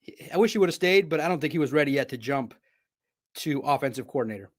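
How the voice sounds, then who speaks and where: A man hosting a live sports stream, talking in an excitable, rambling, chatty way from a home studio. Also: a little high, fast.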